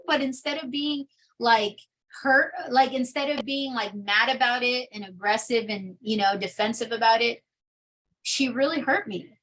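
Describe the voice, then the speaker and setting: A woman's voice: sits high, unhurried, fairly bright tone, poor audio. A young adult woman telling her personal testimony in an interview, candid and full of fillers. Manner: candid storytelling with many fillers. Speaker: interview guest.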